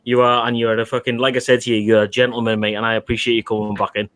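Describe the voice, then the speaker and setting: A man's voice: mid-range voice, little pitch movement, rapid-fire, fairly bright tone, no room sound. A man hosting a casual live show who thanks guests effusively, swears freely and calls everyone mate. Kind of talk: casual live-stream chat.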